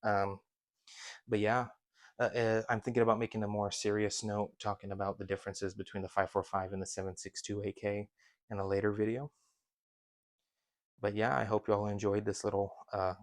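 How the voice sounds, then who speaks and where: Man, low voice, monotone, sarcastic, casual vlog host. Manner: dry sarcastic delivery, many fillers. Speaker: firearms channel host. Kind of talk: sarcastic gun review vlog.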